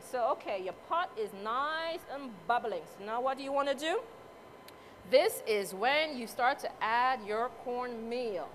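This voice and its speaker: On the high side, her voice comes with a little hiss or hum. She's a Crucian-accented woman from Saint Croix in the US Virgin Islands, joking with the audience during a chatty live cooking demonstration at an event hall.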